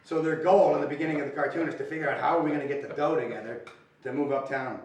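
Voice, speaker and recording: A man's voice: fairly high pitch, steady tone, rapid-fire, darkish tone, heavy reverb. A man hosting, giving an upbeat informal introduction and speaking straight to fans, recorded from a distant mic. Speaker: host. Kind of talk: casual introduction to camera.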